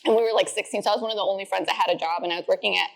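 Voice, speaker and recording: A woman's voice: fairly even intonation, racing, vocal fry. Chatty young woman telling stories. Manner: chatty, says "like" often, acts out quotes in a high voice. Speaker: guest. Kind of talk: casual interview storytelling.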